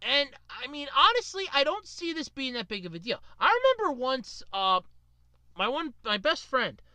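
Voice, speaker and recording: Animated woman podcaster, lively pitch. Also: moderate pace, no echo. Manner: animated, rambling, lots of fillers. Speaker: podcast host. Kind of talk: casual storytelling monologue.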